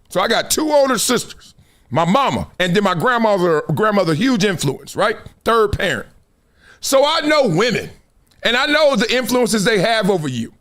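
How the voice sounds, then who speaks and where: A high-pitched man riffs on sports in a casual, slang-heavy commentary style. His voice swings widely up and down as he builds his points with emphasis. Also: fairly bright tone. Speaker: sports talk show host. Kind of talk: animated sports commentary chat.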